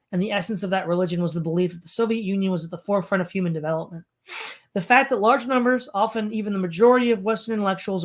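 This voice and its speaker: A stream host reading a text aloud on a home mic, breaking off for sarcastic asides and commentary. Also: mid-range voice. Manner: sarcastic asides between read passages.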